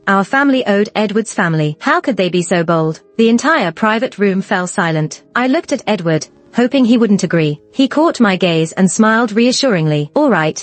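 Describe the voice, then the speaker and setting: A young woman narrating a first-person story in a measured, even manner. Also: medium pitch, dry recording. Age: young adult.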